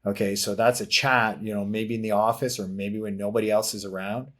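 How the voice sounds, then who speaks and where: A man's voice: lowish voice, steady tone, a little fast. A man appearing as a podcast guest, a martial arts business consultant explaining step by step, with many fillers. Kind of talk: casual podcast conversation.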